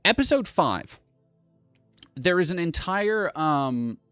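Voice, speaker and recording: A man's voice: on the high side, sing-song, takes it slowly, fairly bright tone, clean tone, no echo. Brief: young man streamer, swears freely and rambles, dry close sound, faint music underneath. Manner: profane, rambling rant. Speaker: livestream host. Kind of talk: casual livestream chat.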